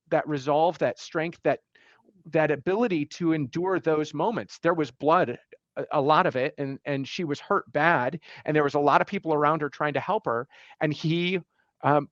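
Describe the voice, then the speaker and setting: Halting, emotional man with a raised voice. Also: a little high, a bit bright, no room sound, muffled recording. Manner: halting and emotional, many fillers and restarts. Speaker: podcast guest. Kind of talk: personal storytelling in a podcast interview.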